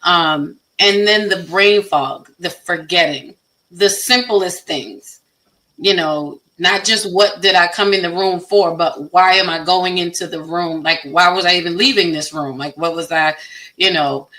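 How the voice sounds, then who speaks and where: A woman in her fifties talking candidly on a podcast panel. She is chatty and expressive and acts out her own reactions. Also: on the low side, unhurried, low-quality recording. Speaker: guest panelist.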